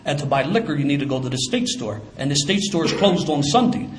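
An older man tells his story fast, in a casual, streetwise way. His voice sits a little high for a man. Faint room sound runs underneath. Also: lively intonation, a little hiss or hum. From Philadelphia. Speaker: former police officer. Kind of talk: personal storytelling.

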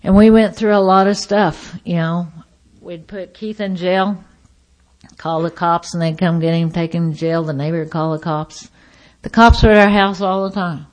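A woman sharing her personal recovery story at a meeting, acting out the voices of the people in it and swinging between loud outbursts and hushed asides. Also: lowish voice, fairly even intonation, moderate pace.

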